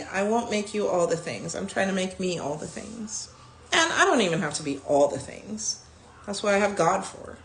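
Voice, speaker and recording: A woman around forty, talking candidly and warmly about her self-healing in a casual vlog, sometimes dropping to a soft whisper. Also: medium pitch, vocal fry, a little hiss or hum. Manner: chatty, candid, self-affirming. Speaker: vlogger.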